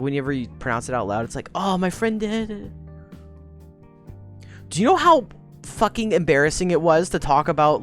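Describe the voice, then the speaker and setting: A young woman streamer chatting casually into a desk mic, rambling and energetic, swearing freely. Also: rumbling low. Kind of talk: casual live-stream chat.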